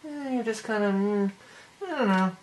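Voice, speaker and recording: A woman's voice: mid-range voice, normal speed. A woman talks through a tarot spread straight to her viewer in a loose, chatty way, often collapsing into giggles. Her voice sits in an ordinary middle range. A faint hiss runs under the recording. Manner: chatty and giggly, breaking into laughter. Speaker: tarot reader. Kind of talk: casual tarot reading monologue.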